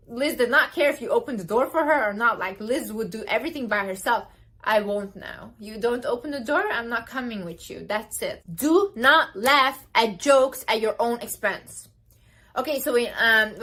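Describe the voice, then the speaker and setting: Young woman, bit high pitched, sassy and emphatic, giving self-help talk to camera. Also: a bit bright. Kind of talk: casual motivational talk to camera.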